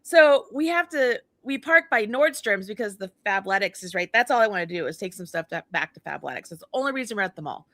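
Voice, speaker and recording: A middle-aged woman co-hosting a casual chat show, telling a story in an animated way, acting out the dialogue and laughing often. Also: mid-range voice, fast, few pauses. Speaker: co-host.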